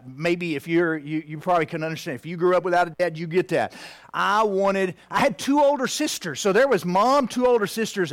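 A man in his fifties preaching a heartfelt personal story, at times dropping to a hushed near-whisper. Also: high-pitched. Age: 50s.

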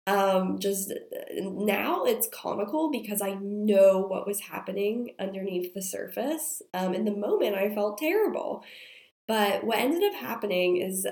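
A woman's voice: mid-range voice, a little mellow. A young woman who is sick and has a strained voice, chatting casually to viewers as a mom and telling a story with many fillers. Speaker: mom vlogger. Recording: roomy echo.

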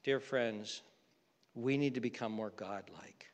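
A man preaching a sermon, swinging from loud mocking outbursts to soft, earnest appeals. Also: mid-range voice, unhurried, big-room sound. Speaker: pastor.

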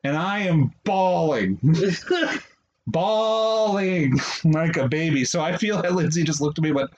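A man's voice: on the high side, measured pace, a little mellow. A man co-hosting a podcast, telling a story in casual chat and laughing often. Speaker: podcast co-host. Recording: dull lo-fi audio, faint hiss.

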